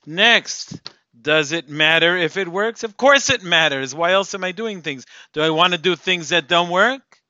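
A man delivers a spoken Torah lecture in a fairly high, forceful, bright voice, posing rhetorical questions and using Yiddish terms. The recording is dry and dull, with a lo-fi sound. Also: measured pace, dry recording. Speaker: lecturer on Jewish topics.

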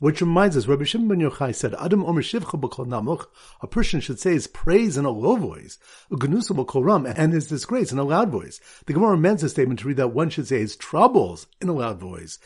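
A man's voice: on the high side, slightly rough. A man, a rabbi, teaching a Talmud lesson with memory aids and a quiz, reading Aramaic in a sing-song lilt.

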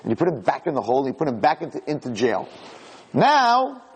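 A man giving an animated Torah class, acting out quoted lines with big swings in his voice. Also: fast talker, slightly rough. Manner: animated, acts out quotes with big pitch jumps. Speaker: Torah lecturer. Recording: long hall reverb.

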